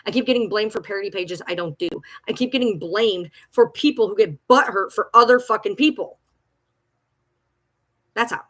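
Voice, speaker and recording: A woman with a medium-pitched, fairly bright voice rants from home during a livestream. She's a TikTok creator, agitated and swearing, going over the same points as she answers her critics.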